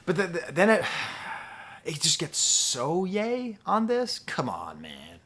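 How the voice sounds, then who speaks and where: A man's voice: high voice, wildly swooping pitch, takes it slowly, a bit bright. A man giving a casual spoken album review, chatty and wry, now and then quoting lyrics in a sing-song voice. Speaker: music reviewer.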